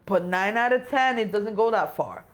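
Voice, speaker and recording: A woman's voice: mid-range voice, animated, moderate pace. A woman with a Spanish accent, co-hosting a casual live stream, chatty and sympathetic, talking in short run-on phrases. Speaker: co-host.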